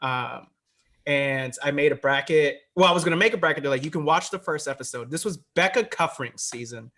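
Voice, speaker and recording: A comedian talking as a podcast guest, telling a story with lively swearing and bursts of shouting. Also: male voice, fairly high pitch, fairly quick. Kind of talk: casual chat.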